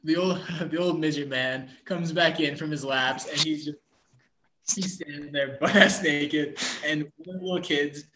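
A man's voice: a little high, fairly even intonation, normal speed, background noise. A young man co-hosting a podcast, telling rambling stories in a casual chat and often laughing as he goes. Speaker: podcast co-host. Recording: echoey room.

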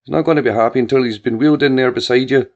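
A woman's voice: rumbling low, fairly even intonation, racing, darkish tone, pitched above the performer's own voice. A man voicing a worried, tearful mother who is close to crying. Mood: teasing. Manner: anxious, near tears. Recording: dull lo-fi with faint music.

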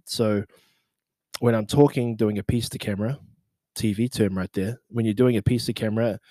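Man telling event stories, slangy and lively, dry close sound. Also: no echo. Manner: animated, laughing, acts out quotes with big pitch jumps; slangy, swears casually. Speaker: social media marketing manager. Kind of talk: casual storytelling recap.

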